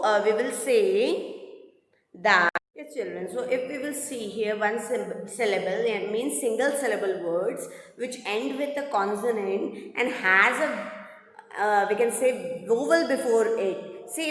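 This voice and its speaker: A woman with an Indian English accent teaching a primary English class in a recorded video, patiently repeating herself, addressing the children and spelling words out letter by letter. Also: fairly high pitch. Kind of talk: recorded online class explanation. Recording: echoey room with long reverb.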